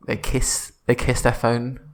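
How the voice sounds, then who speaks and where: A man's voice: medium pitch, completely flat delivery, measured pace. A man co-hosting a comedy podcast, playful and teasing in casual chat. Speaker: podcast co-host.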